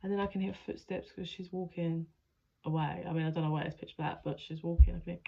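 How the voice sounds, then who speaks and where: A woman's voice: lowish voice, fairly even intonation, quick pace, creaky, lo-fi sound. A woman giving a channeled tarot reading in a rambling, emotional way, swearing freely as she narrates. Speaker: spiritual adviser, tarot reader.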